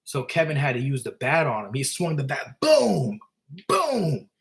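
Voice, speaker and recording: A man telling a story in loose, casual talk at a middling pitch. He rambles and leans on fillers as he goes. His tone is conversational rather than performed. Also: brisk, fairly bright tone. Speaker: author and storyteller.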